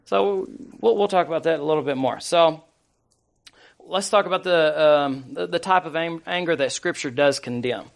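Guy preaching a sermon, a bit high pitched, lots of uhs, reads scripture out. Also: moderate pace, creaky. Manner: conversational preaching with many fillers and restarts, scripture read aloud. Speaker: pastor.

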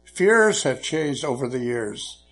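A male preacher telling folksy jokes and stories in an unhurried sermon, with frequent fillers. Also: mid-range voice, very animated, fairly bright tone, faint music behind.

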